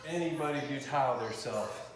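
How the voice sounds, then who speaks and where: A man's voice: medium pitch, moderate pace. A man teasing his wife while laying tile during a home renovation. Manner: teasing, jokey. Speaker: co-host, husband doing home renovation. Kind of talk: casual chat while working. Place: home under renovation, indoors. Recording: echoey room from a distance with music.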